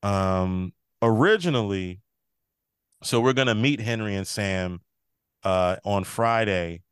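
A man's voice: on the low side, slow, smooth, dry recording, clean studio sound. A man co-hosting a podcast, casually recapping a TV episode and acting out characters' lines as he retells the scenes. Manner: loose, rambling delivery. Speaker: podcast co-host.

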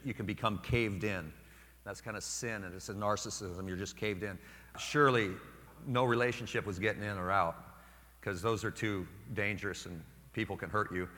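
A man in his forties, a priest giving a sermon in a storytelling way, and he gets animated when he quotes other people. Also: lowish voice. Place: church. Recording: long church reverb.

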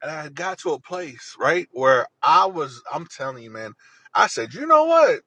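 A man's voice: on the high side, animated, measured pace, sharp tone, slightly rough, no room sound, poor audio. A man telling a personal story in an earnest, rambling way, often repeating himself.

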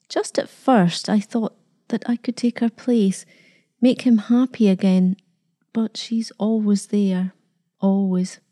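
A woman reading a sad, quiet young bride. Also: on the high side. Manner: quiet, plain-spoken, close to tears. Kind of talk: storybook reading.

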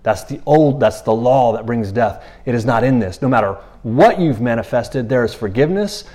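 Male preacher, casual and animated delivery, talks like he's chatting with friends, restless rhythm. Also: mid-range voice, normal speed. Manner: animated, repeats himself, acts out quotes in passing. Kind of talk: conversational sermon.

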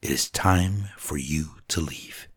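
A man voicing a fearless, loving village mother in a soft, hushed, whispery delivery. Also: rumbling low, slow pace, slightly rough, dry recording, clean studio sound, exaggerated voice. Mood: tender.

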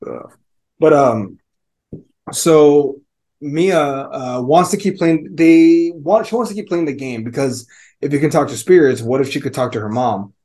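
A man's voice: fairly high pitch, a little slow, warm tone. A man co-hosting a podcast, chatting casually about a movie, loose and profane with lots of fillers. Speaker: podcast co-host.

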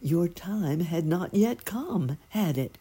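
A woman voicing a kindly female turtle dove who speaks softly and soothingly in a storybook reading. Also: lowish voice, expressive, takes it slowly, breathy edge, voice pushed up, exaggerated voice. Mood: gentle. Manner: soft, soothing, cooing.

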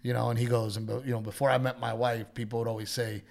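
Brief: man, comedian, animated storyteller, mid-pitched voice, quotes people in character. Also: fast talker, gravelly. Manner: animated storyteller who quotes others in their voices, swears. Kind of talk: casual chat, storytelling.

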